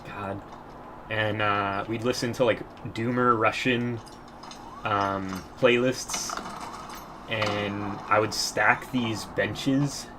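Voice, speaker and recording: A man's voice: fairly low pitch, fairly even intonation, extremely slow, background noise. A young man giving casual gameplay commentary, telling rambling stories in a crude, profane way and often laughing.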